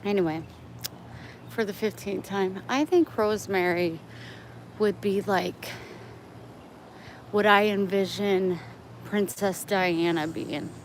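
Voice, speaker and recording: A woman's voice: medium pitch, slow, pauses often. A woman vlogging on a phone while walking outdoors, chatting to her viewers in a meandering, easily sidetracked way. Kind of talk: rambling livestream chat. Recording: outdoor street noise with traffic. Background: outdoor ambience and passing vehicles.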